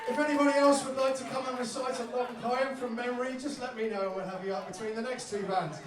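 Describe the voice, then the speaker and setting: A man acting as emcee, announcing acts at a live gig with loud, upbeat calls to the audience. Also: very high voice, steady tone, quick pace. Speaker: event emcee. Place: live music bar. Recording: echoey club, distant mic, loud crowd. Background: loud crowd noise.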